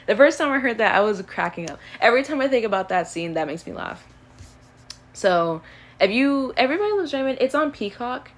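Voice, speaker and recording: A woman's voice: mid-range voice, animated, a little fast. A woman in her early twenties chatting casually on a live stream, rambling and easygoing, with lots of fillers as she answers questions. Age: early 20s.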